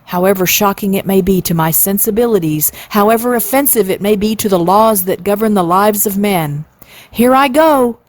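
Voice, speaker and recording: A woman in her sixties voicing a dignified old male swan who speaks in a formal, high-minded way. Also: moderate pace, dry recording, natural voice. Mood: resolute. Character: dignified old male trumpeter swan, noble and law-abiding.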